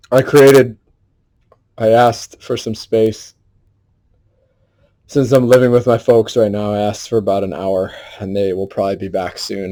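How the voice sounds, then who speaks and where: A man's voice: on the low side, dark tone. A man livestreaming an emotional solo performance at home, talking in an earnest, intense way and swearing freely.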